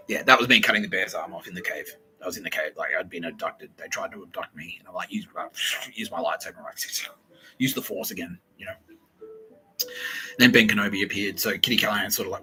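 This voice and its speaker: Aussie bloke rambling on his podcast, lowish voice, cusses and laughs a lot. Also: fast, bright, forceful tone, slight background noise, low-quality recording. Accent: Australian. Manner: profane, laughing, digressive storytelling. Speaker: podcast host. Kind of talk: rambling comic monologue.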